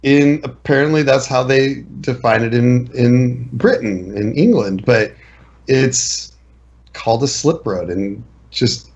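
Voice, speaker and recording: A man co-hosting a casual podcast, telling a relaxed anecdote. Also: mid-range voice, slow, highs cut off. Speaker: podcast co-host. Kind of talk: casual storytelling chat.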